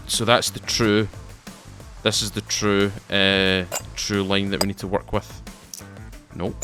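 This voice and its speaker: A man's voice: on the low side, flat delivery, slow, over music. A man with a Scottish accent giving casual, rambling commentary to his viewers while playing a game, often repeating and restarting his phrases. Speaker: gaming YouTuber.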